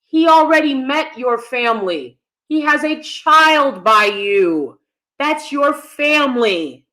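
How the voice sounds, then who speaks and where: A woman's voice: sits high, lively intonation, slow, bright, forceful tone. A woman in her thirties hosting a live stream, giving blunt, emphatic and sassy commentary to her audience. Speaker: host.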